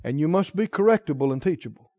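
A middle-aged male pastor preaching a sermon, moving between quiet emotional storytelling and forceful exhortation. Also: a little high, lively intonation, fast talker, no room sound, lo-fi sound.

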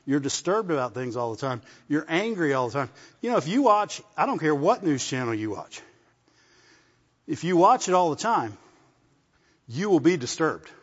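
A man's voice: on the high side, sing-song, normal speed, fairly bright tone. A man preaching a conversational sermon, often asking the congregation for a response. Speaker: pastor. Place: church service. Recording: muffled sound with long hall reverb.

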